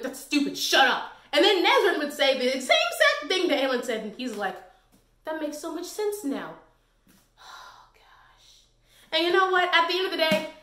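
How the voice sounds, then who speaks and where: Young woman with a high bright voice ranting sassily, echoey room. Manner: animated, sassy and exasperated, slips into quoted voices. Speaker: book reviewer. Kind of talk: casual book review rant.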